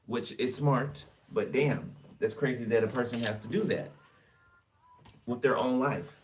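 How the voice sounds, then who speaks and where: A man's voice: medium pitch, a little slow, far from the mic, a little hiss or hum. A man giving a casual tarot reading for viewers, chatty and blunt, swearing freely as he turns the cards. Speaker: tarot reader.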